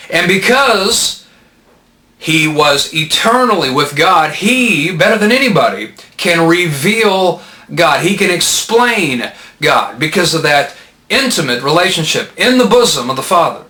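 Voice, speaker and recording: A man gives a methodical Bible lesson, working patiently through grammar and posing questions to his listeners. His voice sits a little high and sounds bright and forceful. The recording carries a clear echo from the room. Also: sing-song, measured pace. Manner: methodical, patient, explains step by step with rhetorical questions. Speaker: Bible teacher. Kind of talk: explanatory lecture.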